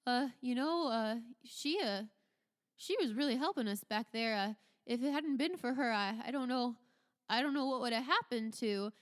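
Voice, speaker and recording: A timid young male guard, played by a woman in a tabletop game. He stammers and trails off, slightly raised and gentle in tone. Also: on the high side, moderate pace, long reverb tail, voice pushed up, natural voice. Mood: hesitant. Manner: stammering, unsure, full of fillers.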